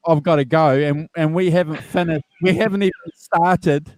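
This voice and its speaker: A man's voice: a little high, fairly even intonation, normal speed, darkish tone. A man co-hosting a casual chat show, bantering and stumbling over repeated starts. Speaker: podcast co-host.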